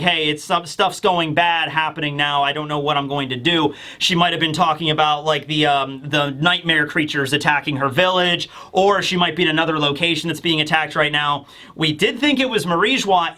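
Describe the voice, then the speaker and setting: A man's voice: fairly high pitch, pushed and bright. A young man giving a casual, rambling manga chapter recap, animatedly acting out quoted lines. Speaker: manga review YouTuber.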